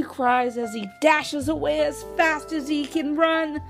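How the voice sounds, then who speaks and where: Slow, high-voiced woman reading a storybook. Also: creaky, over music. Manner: slow, gentle storytelling delivery. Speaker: storybook reader. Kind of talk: reading a children's story aloud.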